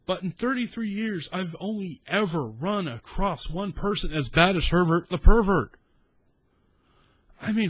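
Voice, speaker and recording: Man in his 30s, south texas accent, swearing storyteller, animated and rambling, dry close mic. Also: fairly high pitch, no room sound. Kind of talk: casual story time.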